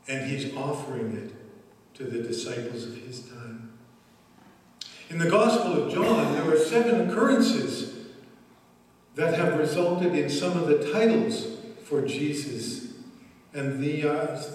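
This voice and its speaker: A man preaching a sermon as the pastor, speaking slowly and deliberately with emphatic pauses, recorded in a church sanctuary. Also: fairly high pitch, a little mellow. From Canada. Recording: echoey church hall, mic at a distance.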